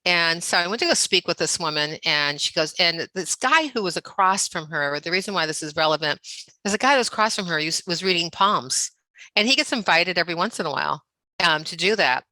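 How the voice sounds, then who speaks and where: An older woman telling a story as a podcast guest, chatty and animated, acting out what people said with lots of fillers. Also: on the low side, fairly quick, no room sound, rough recording. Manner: chatty, animated, acts out quoted dialogue, many fillers. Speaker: guest author. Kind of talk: storytelling anecdote in a podcast interview.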